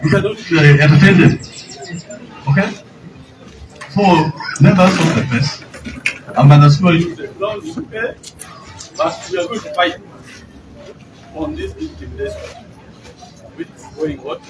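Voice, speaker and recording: A man's voice: sits high, very animated, unhurried, long pauses, crowd noise. A man with a Ugandan English accent, speaking as a candidate at a press conference and recounting exchanges. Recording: distant mic, noisy outdoor ambience.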